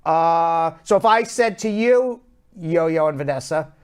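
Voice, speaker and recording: A man's voice: on the high side, animated, measured pace, clean tone. Chatty man with a Long Island accent. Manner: chatty, loose delivery with fillers and restarts. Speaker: show host and attorney. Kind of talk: live show news rundown.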